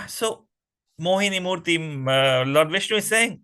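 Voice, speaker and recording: A man telling a myth to a children's class, animated and often asking the kids questions. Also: high voice, unhurried, smooth, rough recording. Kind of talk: storytelling to children.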